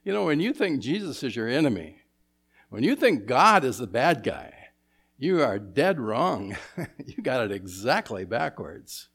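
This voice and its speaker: A man preaching an expository sermon as pastor, asking his congregation rhetorical questions and moving between emphatic and hushed delivery. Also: mid-range voice, sing-song, unhurried, slightly rough.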